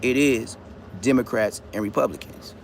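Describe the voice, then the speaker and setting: A man ranting on a livestream in a loud, combative way, with heavy profane street slang. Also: mid-range voice, moderate pace, slight background noise. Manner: loud, swooping, combative delivery. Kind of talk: heated livestream rant.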